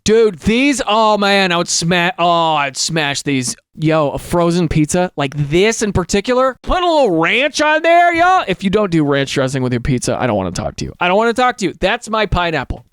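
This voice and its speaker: A man hosting a show, reading online stories aloud and breaking into jokey, excitable commentary. He talks casually and keeps calling the listener dude. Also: high voice, moderate pace, hardly any pauses, smooth, dry recording, studio quality. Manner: excitable, jumps between reading and loud animated asides. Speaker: host.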